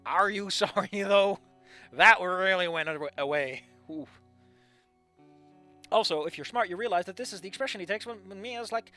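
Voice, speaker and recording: A man reading a story aloud and breaking off with animated, sarcastic asides to the characters. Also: high-pitched, fairly quick, faint music behind. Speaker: fanfiction reader.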